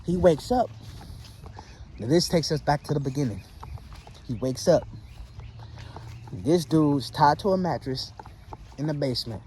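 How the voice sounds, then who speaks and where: A man casually narrating a spooky storytime tale in a relaxed, conversational way, with drawn-out fillers between beats. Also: on the high side, slight background noise, rough recording.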